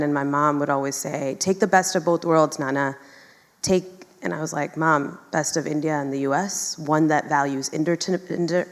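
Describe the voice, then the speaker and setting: A woman's voice: low voice, big-room sound. A woman speaking as a panel guest before a live audience, reflective and loose, with many fillers and asides.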